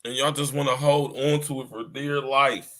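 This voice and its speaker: Preachy man with a bright voice. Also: medium pitch, fairly even intonation, normal speed. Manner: preachy, repeats himself, addresses listeners directly. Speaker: podcast host. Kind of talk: livestream commentary.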